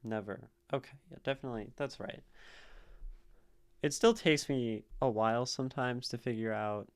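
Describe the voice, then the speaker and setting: This streamer's voice is medium-pitched and clean, moving at a moderate pace. Working through a poem live, he talks out its rhyme and meter in a casual way, thinking aloud and rereading lines to himself in his streaming room.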